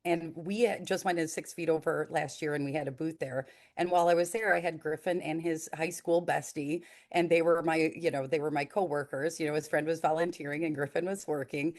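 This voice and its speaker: A woman in her forties telling a story in a casual, animated way, with many fillers. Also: low voice, brisk, hardly any pauses. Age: 40s. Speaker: nonprofit founder.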